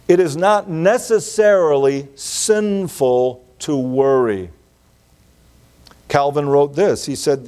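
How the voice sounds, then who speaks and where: A man preaching an earnest evening sermon, slowing down to stress key phrases. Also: fairly high pitch, a little mellow. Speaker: pastor.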